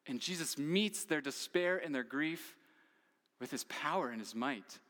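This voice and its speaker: A man's voice: a little high, animated, measured pace, a bit bright, long reverb tail. A man preaching a sermon as pastor, earnest and posing questions to his listeners.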